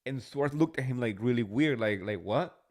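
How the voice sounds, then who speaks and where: A man's voice: medium pitch, brisk. A man hosting a casual reality TV recap, chatty and gossipy, swearing freely. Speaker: host.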